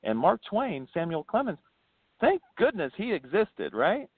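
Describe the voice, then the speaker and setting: Over a dry, tinny phone line, a man with an unhurried, husky voice recounts history and ghost tales as an interview guest, with no echo. He was born in New Hampshire, grew up in Florida, investigates the paranormal and founded a ghost tour, and he tells stories animatedly, laughing a lot and swooping in pitch.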